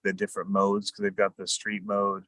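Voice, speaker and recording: A man's voice: fairly low pitch, completely flat delivery, normal speed, bright, forceful tone, dry recording. A man on a casual group chat, talking hesitantly and thinking aloud.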